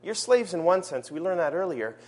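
Male preacher, fairly high voice, earnest sermon delivery that slows for emphasis at a church service. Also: expressive. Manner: earnest, slows down to stress key phrases.

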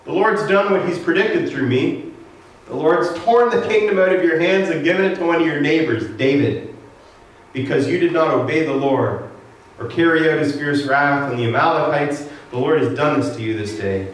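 A man's voice: fairly high pitch, normal speed, close to an everyday voice. A man voicing the stern ghost of an old prophet pronouncing judgment. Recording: echoey room, distant mic.

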